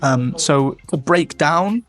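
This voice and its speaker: A man, a guest teacher who explains phrases in a relaxed way, using everyday examples. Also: fairly high pitch, takes it slowly, soft background music. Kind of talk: casual teaching chat.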